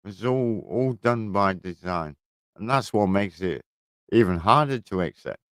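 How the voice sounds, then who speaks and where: This livestream host talks from his garden shed, telling meandering, profanity-heavy stories in a casual way. His voice sits on the low side with lively intonation and a fairly bright tone, delivered at a measured pace with no echo.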